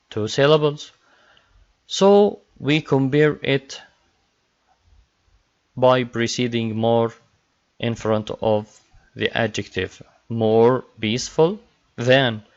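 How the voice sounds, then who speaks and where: Slow-talking male English teacher. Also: medium pitch. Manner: slow, repetitive drilling of word pairs. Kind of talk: classroom grammar lesson. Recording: dull lo-fi recording.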